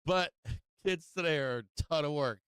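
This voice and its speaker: A man's voice: a little high, a bit bright, smooth, dry recording. A middle-aged man hosting a live stream from home, chatting in a rambling, casual way and greeting viewers by name. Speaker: live-stream market show host.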